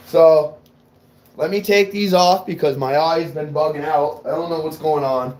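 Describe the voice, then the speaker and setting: A man's voice: on the high side, fairly even intonation, normal speed, a little mellow, poor audio. A man from New England chatting casually on a livestream, rambling and swearing, fired up. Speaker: car audio livestreamer.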